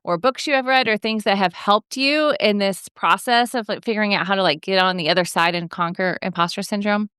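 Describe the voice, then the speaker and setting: A woman hosting a podcast interview, asking questions and chiming in with quick affirmations. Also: mid-range voice, fairly bright tone, clear, resonant tone, dry recording, clean studio sound. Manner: friendly, affirming, quick back-channel responses. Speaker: podcast host. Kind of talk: casual conversational interview.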